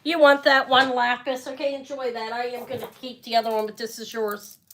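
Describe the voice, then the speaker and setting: A woman's voice: fairly high pitch, little pitch movement, brisk, a bit bright. A middle-aged woman selling jewelry on a live stream, chatting casually and rambling with muttered asides. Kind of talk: casual live sales chat.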